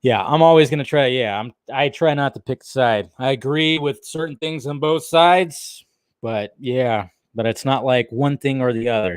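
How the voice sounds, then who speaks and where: A man's voice: mid-range voice, lively intonation, normal speed, no echo, clean studio sound. A man hosting a casual live stream, talking loosely and chatting with his viewers. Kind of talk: casual livestream chat.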